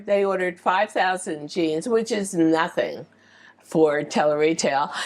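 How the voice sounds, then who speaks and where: An older woman from the United States, speaking as a guest in an interview. She tells her stories at an unhurried pace and with a medium voice. She livens them up by acting out the people she quotes. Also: mid-range voice. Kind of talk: storytelling in an interview.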